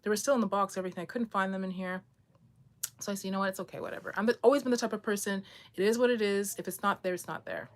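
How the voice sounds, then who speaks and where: A woman at home tells a personal story in a candid, rambling vlog style. Her voice sits at an ordinary middle pitch. She talks loosely, then presses certain points with emphatic bursts. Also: fairly even intonation, racing, slight background noise. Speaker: vlogger.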